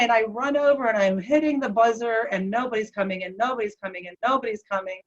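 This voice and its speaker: Animated woman telling a hospital story. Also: fairly high pitch, brisk. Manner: animated retelling that acts out the dialogue. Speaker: guest. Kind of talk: emotional personal storytelling. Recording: slightly dull lo-fi recording.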